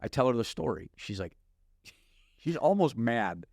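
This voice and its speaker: Man, middle-aged, from Wisconsin, lively storyteller, voice rising and falling, dry close sound. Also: mid-range voice, normal speed, pauses often, dry recording. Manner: animated, laughs often, acts out dialogue. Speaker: guest pastor. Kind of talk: storytelling testimony.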